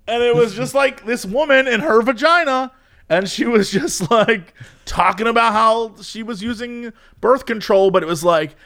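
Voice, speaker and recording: A man's voice: very high-pitched, normal speed. A man co-hosting a casual podcast chat, telling stories with lots of laughter. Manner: animated storyteller, laughs often. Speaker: podcast co-host.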